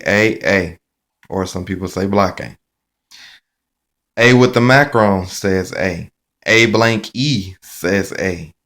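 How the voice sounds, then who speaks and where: A man teaching a phonics lesson, chanting each sound card in a slow, repetitive sing-song drill. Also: low voice, a bit bright.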